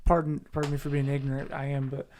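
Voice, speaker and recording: Quick-talking male podcast host. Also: mid-range voice, completely flat delivery, darkish tone. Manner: quick, curious follow-up questions. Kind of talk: interview questions.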